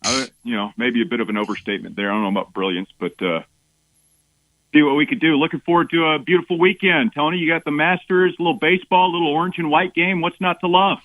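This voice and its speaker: A man's voice: a little high, steady tone, fast, fairly bright tone, dry recording, low-quality recording. A man, a regular on a talk radio show, chatting in an easygoing, plainspoken way. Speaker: radio co-host, regular contributor. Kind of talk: casual talk radio banter.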